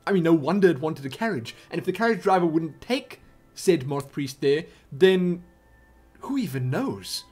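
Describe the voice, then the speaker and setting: Excitable man commenting on gameplay. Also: on the high side, moderate pace, slightly rough, faint music behind. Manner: excitable, exclaiming, chatty and jokey. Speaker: let's play gamer.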